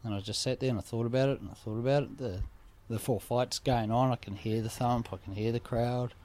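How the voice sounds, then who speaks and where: A man's voice: medium pitch, fairly even intonation, brisk, a little mellow. A man telling a personal story in a casual chat, vivid and repetitive, swearing freely. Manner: vivid, swearing, repeats phrases for effect.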